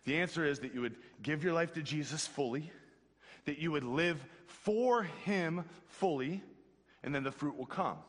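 A man preaching a youth sermon in a casual, slangy, animated way, talking straight to his audience. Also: a little high, moderate pace, long reverb tail. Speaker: pastor.

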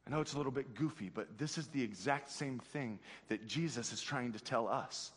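A man preaching a youth sermon in a casual, slangy, animated way, talking straight to his audience. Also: medium pitch, moderate pace, hardly any pauses, slightly rough, in a large hall. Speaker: pastor.

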